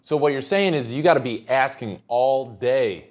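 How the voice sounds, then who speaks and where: A man's voice: mid-range voice, normal speed. A man co-hosting a business show, asking short questions and reading the next points from a script. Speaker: co-host.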